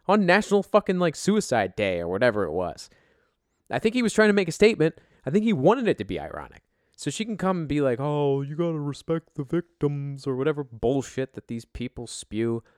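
A man hosting a casual podcast, animated and heavy on swearing. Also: mid-range voice, dry recording, clean studio sound. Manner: profane, animated, laughing. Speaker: podcast host. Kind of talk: casual chat.

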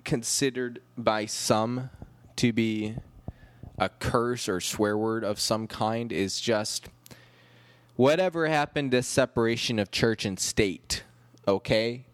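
A man's voice: mid-range voice, clean tone, no room sound. A man hosting a comedic solo podcast, rambling through wry, self-deprecating asides. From United States. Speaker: podcast host.

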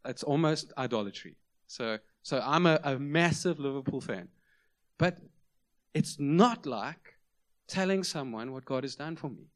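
A middle-aged man preaching a sermon in a conversational, self-deprecating storytelling manner. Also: fairly high pitch. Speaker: pastor.

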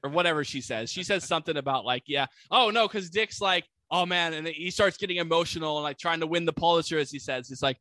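A man tells a movie's story in loose, chatty fashion, packing his sentences with "like" and slipping into quick voices for the characters. His voice sits a bit high and sounds bright and forward. The recording is dry and close, with no room around him. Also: no echo. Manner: animated, acts out characters with voices; many "like" fillers. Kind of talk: casual movie recap.

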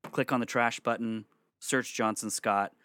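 A man's voice: mid-range voice, unhurried, no room sound. A young man telling a long personal story to friends in a casual, rambling way, with swearing and laughter. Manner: rambling, animated, swears, laughs between lines.

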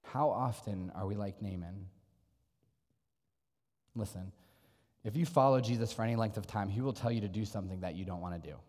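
A man's voice: lowish voice, fairly quick, long pauses, a little mellow. Earnest male preacher in a reverberant hall. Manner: conversational, earnest, rhetorical questions. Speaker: pastor. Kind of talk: sermon.

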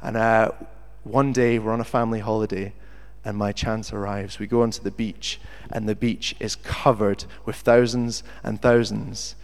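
A man with a fairly low voice preaches at normal speed, hardly pausing, as he animatedly recounts a story from his life and acts out the quotes. The long reverb of a large hall colors the recording.

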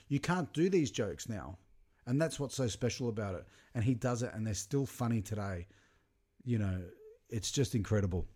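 A man's voice: medium pitch, warm tone. A man chatting casually and reflectively about a comedy clip, with some fillers and restarts. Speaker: commentator. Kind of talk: casual reaction commentary.

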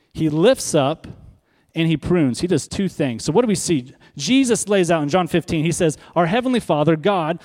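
A man preaching a sermon as pastor, stressing and repeating key words and slowing down for emphasis, speaking in a church sanctuary. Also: fairly high pitch, darkish tone. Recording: long hall reverb.

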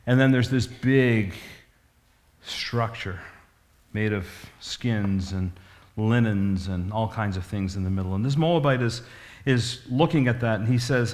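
A man's voice: on the low side, unhurried, darkish tone. Folksy storytelling preacher man. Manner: folksy, rambling with restarts. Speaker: pastor. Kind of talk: storytelling sermon.

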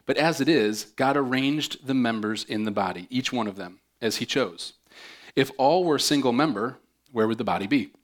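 A man's voice: mid-range voice, a bit bright. A man preaching a sermon as pastor, upbeat and chatty, with joking asides between readings.

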